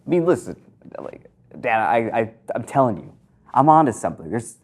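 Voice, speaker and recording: A man's voice: mid-range voice, very animated, a little fast, natural voice. A man voicing an eager seventeen-year-old boy obsessed with a mystery, talking earnestly and stumbling over his words. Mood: insistent.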